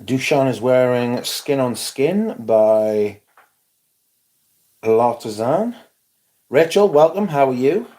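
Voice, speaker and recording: A man's voice: mid-range voice, lively intonation, slow pace, pauses often, warm tone. A man hosting a casual live stream, chatting wryly and greeting viewers by name. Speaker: livestream host.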